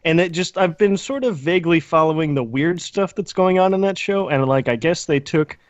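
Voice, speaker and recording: A man's voice: fairly high pitch, a little fast, no echo. Male podcast co-host, loose rambling banter, dry close mic with a dull lo-fi edge. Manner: rambling, joking, many restarts. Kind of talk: casual chat.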